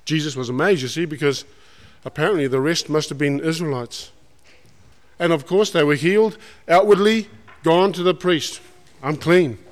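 A man preaches a sermon and retells the story with colloquial asides. His voice sits somewhat high for a man. The recording carries a long hall reverb. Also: moderate pace.

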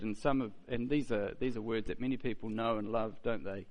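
A man's voice: mid-range voice, steady tone, brisk, hardly any pauses, darkish tone. A man preaching a sermon in a conversational way, with rhetorical questions and mocking quotes.

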